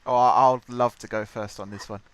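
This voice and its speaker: Man giving a mock-formal pitch. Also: steady tone, fairly quick, clean tone, no echo. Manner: confident, playful mock pomp. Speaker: game player. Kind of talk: mock-formal improvised speech.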